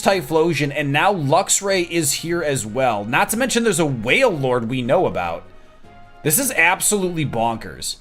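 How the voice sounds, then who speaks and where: Brief: self-deprecating male streamer from Wisconsin, casual game commentary, slightly raised pitch. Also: a bit bright. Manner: chatty, self-deprecating, thinking aloud.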